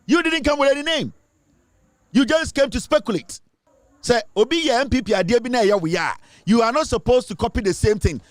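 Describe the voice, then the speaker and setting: A man's voice: very high-pitched, lively intonation, a little fast, no echo. A Ghanaian man giving impassioned commentary, lecturing emphatically and switching between English and Twi. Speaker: online commentator.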